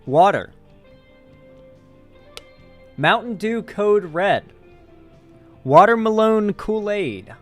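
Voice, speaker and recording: A man's voice: fairly high pitch, lively intonation, normal speed, a bit bright, faint music behind. Joking streamer man reading chat. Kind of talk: casual live-stream commentary.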